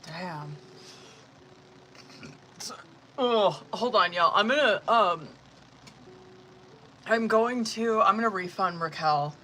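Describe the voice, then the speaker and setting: A man's voice: sits high, lively intonation, takes it slowly, pauses often, pushed and bright, slight background noise. A man doing a casual, profane, chatty live tarot stream on his phone, laughing often. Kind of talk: casual livestream chat.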